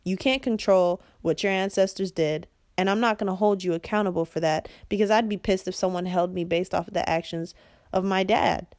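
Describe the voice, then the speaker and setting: A young woman hosting a podcast, delivering a blunt, profane, impassioned monologue that swings between yelling and quiet intensity. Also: medium pitch, fairly even intonation, a little fast, no room sound, clean studio sound. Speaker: podcast host.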